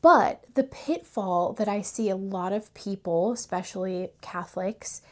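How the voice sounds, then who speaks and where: Unhurried and mid-range, with a darkish tone, a woman channel host and faith coach teaches about faith through storytelling. She shares a parable earnestly and thoughtfully, with an occasional laugh.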